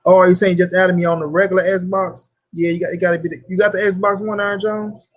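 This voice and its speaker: A man's voice: sits high, little pitch movement, quick pace. A young man hosting a casual livestream, talking loosely in slang and greeting viewers by name. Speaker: livestream host.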